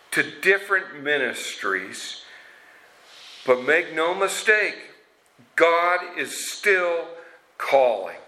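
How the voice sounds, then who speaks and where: A man's voice: on the high side, pushed and bright, rough recording. A man preaching a sermon, retelling scripture stories in an earnest way with casual asides. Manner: slow, earnest storytelling with asides.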